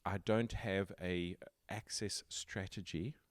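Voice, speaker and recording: Low-voiced male podcast host. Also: steady tone, takes it slowly, dry recording, studio quality. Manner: explanatory, builds points step by step. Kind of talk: casual tech interview chat.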